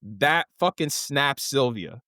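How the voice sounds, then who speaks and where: A man co-hosting a podcast, casually recapping a TV show with lively, profane storytelling and acted-out quotes. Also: mid-range voice, slow pace, no echo, studio quality. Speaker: podcast co-host.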